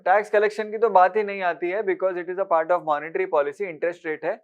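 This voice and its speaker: A man giving an exam-prep lecture, briskly quizzing listeners with repeated rhetorical questions and mixing with Hindi. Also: high voice, fairly even intonation. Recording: dull lo-fi recording.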